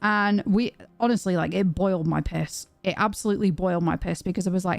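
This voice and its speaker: In a fairly low, gravelly voice, a young woman talks fairly quickly with few pauses during a casual home livestream. She's animated and swears as she reads viewer messages aloud, and the recording is dry.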